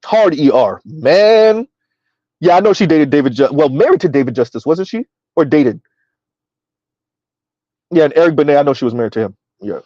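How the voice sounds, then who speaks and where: A man's voice: fairly high pitch, animated, moderate pace, long pauses, dark tone, dry recording. A man hosting a casual live-stream, laughing often as he reads viewer comments aloud and reacts to them. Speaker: commentary channel host. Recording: dull lo-fi dry sound.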